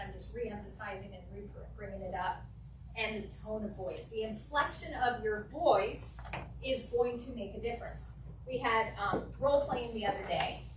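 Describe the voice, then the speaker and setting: A woman teaching a live real estate negotiation class to an audience, talking in a lively way and acting out phone calls. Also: on the high side. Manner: lively, acts out phone calls and client replies. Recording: echoey room from a distance, faint noise.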